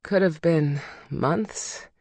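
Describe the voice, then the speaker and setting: A narrator voicing a young woman in love, speaking soft and breathy, in a slow, dry audiobook read. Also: mid-range voice, no room sound. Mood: breathless.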